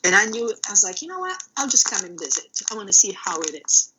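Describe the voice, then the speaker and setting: A woman, a middle school art teacher, telling energetic stories in a casual podcast interview. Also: mid-range voice, fast talker, noisy background. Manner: energetic and loud, animated retelling. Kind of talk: casual conversational storytelling.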